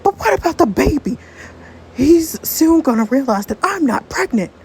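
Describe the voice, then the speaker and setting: A scheming young woman caught in her own lies pleads and defends herself in a raised, lively voice, as a woman voices her. She sounds set apart from the rest of the life-sim game story by her pitch. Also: moderate pace, slight background noise. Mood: pleading.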